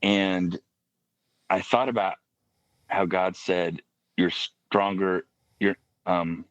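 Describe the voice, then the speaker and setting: Low-voiced man telling a reflective story. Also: level tone, no room sound, lo-fi sound. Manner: halting, reflective, with many restarts and soft asides. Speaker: podcast guest. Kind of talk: personal faith story in casual podcast conversation.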